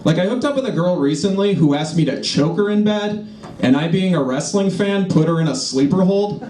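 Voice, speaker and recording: A young comedian in his twenties with a slightly high voice, working through dry one-liners on stage. He sounds a little distant from the mic, and the lounge echoes. Steady crowd noise sits under him. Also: a little fast. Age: 20s. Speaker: stand-up comedian. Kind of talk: stand-up comedy set. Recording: echoey lounge, noisy live audience.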